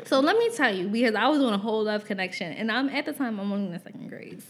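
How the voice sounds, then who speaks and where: A woman's voice: on the high side, animated, rapid-fire, slight background noise. A young woman hosting a casual podcast, telling a profane, laughing childhood story and acting out the people in it. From Pennsylvania. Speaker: podcast host.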